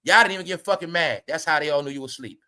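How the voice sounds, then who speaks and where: A man's voice: a little high, very fast, pushed and bright, smooth. A man ranting to his viewers in a blunt, preachy commentary monologue, swearing freely and repeating himself. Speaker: commentary vlogger.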